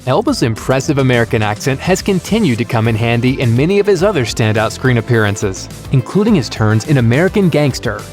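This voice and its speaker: A man reading a scripted entertainment narration in a smooth, upbeat presenter manner. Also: medium pitch, big pitch swings, a little fast, few pauses, a little mellow. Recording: voice-over with faint music bed.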